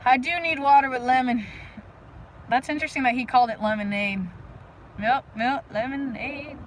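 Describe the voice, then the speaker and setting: A woman hosting a casual live stream outdoors, talking energetically and rambling to her viewers with lots of fillers and sudden loud bursts. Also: sits high, normal speed, a little hiss or hum, low-quality recording. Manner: frequent "like" fillers. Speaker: livestream host. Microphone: phone live stream.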